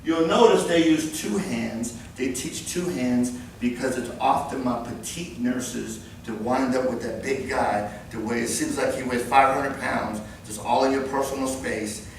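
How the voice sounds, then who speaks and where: A man in his fifties running a live workplace safety training class, animated and joking as he demonstrates moves. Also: medium pitch, slight background noise. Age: 50s. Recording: very echoey room, far mic, faint ambience.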